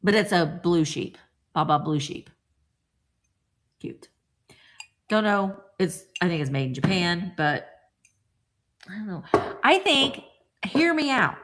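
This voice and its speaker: Animated woman chatting through a vintage haul. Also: fairly low pitch, measured pace, long pauses. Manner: chatty, reads out viewer names, playful voices. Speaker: vintage reseller host. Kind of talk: live-chat haul vlog.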